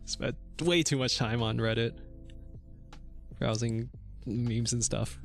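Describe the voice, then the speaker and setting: Young male VTuber, mid-pitch, rambling and laughing while coding; faint music and typing under him. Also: fairly even intonation, takes it slowly, creaky. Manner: rambling and chuckly, many fillers, thinks aloud. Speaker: VTuber streamer coding a game. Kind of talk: casual livestream chat while coding. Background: faint music and keyboard typing.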